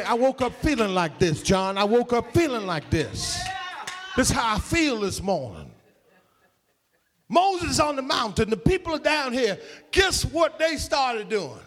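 A man's voice: very high voice, a bit bright. A man preaching a sermon in an emphatic, call-and-response way, with folksy slang.

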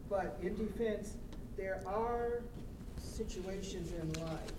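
A class participant speaking up in a discussion, halting and measured, with hesitant pauses. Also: mid-range voice. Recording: roomy, distant, noisy.

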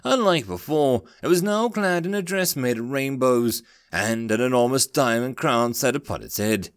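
Expressive male audiobook narrator. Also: mid-range voice, normal speed, clean tone, no room sound, clean studio sound. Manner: expressive storytelling.

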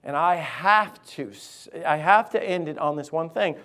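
A man's voice: fairly high pitch, moderate pace, fairly bright tone. A man, a lead pastor, preaching an impassioned sermon in a church and repeating key phrases for emphasis. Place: church sanctuary.

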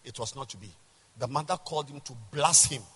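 A man, a bishop, preaching a sermon to a large congregation, emphatic and rhetorical, swinging from quiet asides to shouts. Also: mid-range voice, brisk, breathy edge. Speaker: bishop and pastor. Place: large church hall. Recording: reverberant church hall.

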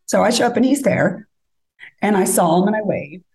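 A woman's voice: medium pitch, moderate pace, poor audio. A woman casually telling a dating story as a podcast guest, acting out the lines of others. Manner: animated, acts out quoted lines.

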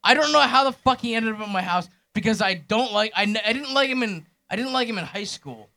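A man's voice: sits high, lively intonation, brisk, vocal fry, sharp tone. A man chatting bluntly and casually with a friend, swearing freely. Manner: blunt, profane, laid-back. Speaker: friend in the conversation. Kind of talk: casual chat.

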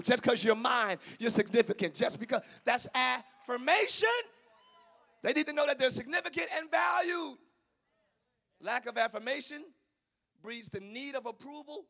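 High, gravelly, bright-voiced male preacher. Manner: animated preaching with sudden shouts and playful acted-out voices. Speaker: pastor. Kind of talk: sermon.

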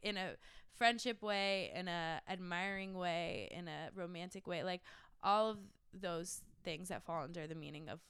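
A woman's voice: lowish voice, moderate pace, few pauses, a bit bright, clear, resonant tone, no room sound, clean studio sound. A young woman, a singer-songwriter, chatting in an interview, gushing and emotional with lots of fillers. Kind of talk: casual interview chat.

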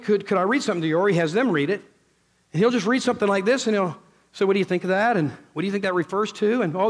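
A man preaches with a high, bright-pitched voice that climbs even higher when he gets excited. He is emphatic and animated, dropping into low, intense passages when he quotes scripture. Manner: emphatic, swings from loud exclaiming to low intense delivery; quotes scripture and retells stories in others' voices. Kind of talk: sermon.

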